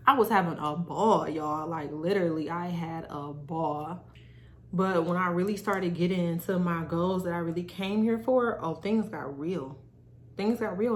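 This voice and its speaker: Young woman, podcast host, casual motivational talk, lowish voice, faint background hum. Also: a bit bright. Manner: candid, motivational, addresses viewers as y'all.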